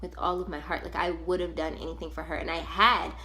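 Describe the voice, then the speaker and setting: A young adult woman vlogger recounting a personal story in a casual, animated, slangy way. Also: sits low, fast. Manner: animated, slangy and conversational, with many fillers. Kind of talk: storytime vlog, casual retelling.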